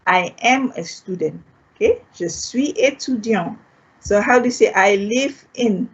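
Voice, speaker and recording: A Malaysian woman teaching a beginners' French class online, patiently repeating each word in slow, clear steps. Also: mid-range voice, lively intonation, fairly bright tone. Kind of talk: online language lesson. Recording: dull lo-fi online class audio.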